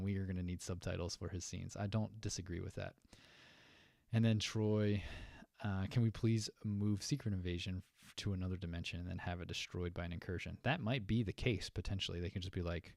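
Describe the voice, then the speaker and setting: A man's voice: low-pitched, moderate pace, gravelly, a little mellow, no echo, studio quality. A man hosting a fan news show, chatting loosely with many fillers and asides, answering viewers from the chat. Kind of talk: casual commentary reading chat.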